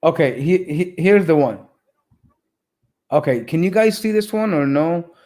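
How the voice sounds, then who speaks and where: A man with a notably high voice hosts a live reaction stream. He rambles in a casual, mocking way, full of filler words and asides to his viewers. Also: measured pace, a little mellow. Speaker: reaction video host.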